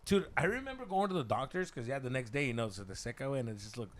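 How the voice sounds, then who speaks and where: A male podcast host with a mid-range voice talks fast while telling a story in casual chat. He swears freely, stays animated, and slips in Spanish slang.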